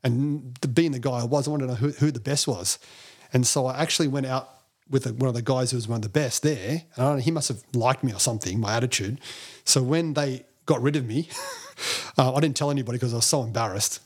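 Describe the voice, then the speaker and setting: A man, a podcast guest who tells animated, self-deprecating stories and acts out other people's lines. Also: mid-range voice, fast talker, husky. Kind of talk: storytelling interview talk.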